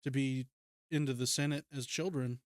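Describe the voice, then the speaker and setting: A man's voice: medium pitch, steady tone, moderate pace, no echo, studio quality. A male podcast co-host in casual chat, musing hesitantly and thinking aloud. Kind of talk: casual book-review chat.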